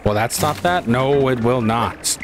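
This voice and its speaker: A man's voice: mid-range voice, animated, a little slow. A man giving casual gameplay commentary, muttering to himself, swearing and yelping in frustration. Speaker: gaming channel host. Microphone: headset. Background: game music.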